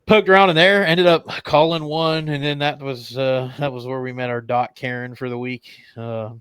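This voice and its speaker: A man's voice: medium pitch, fairly even intonation, normal speed, a bit bright, clear, resonant tone, no echo. A man, a tournament angler, telling a story on a podcast in a rambling way, with lots of fillers.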